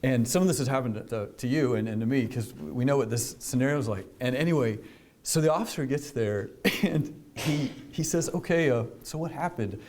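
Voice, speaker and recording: A government official speaking to a business audience, telling a story in a conversational way, with many fillers and restarts. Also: male voice, mid-range voice, brisk, darkish tone, a little hiss or hum. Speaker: government official giving a speech.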